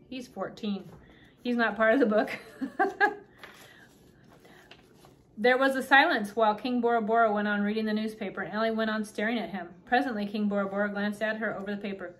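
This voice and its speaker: Chatty woman reading a children's book. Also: mid-range voice. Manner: relaxed, chatty with fillers between reading. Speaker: channel host reading children's books.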